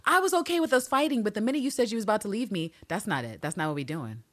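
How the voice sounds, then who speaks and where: Woman mimicking Villanelle, a hushed pleading assassin. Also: mid-range voice, animated, racing, voice pushed up.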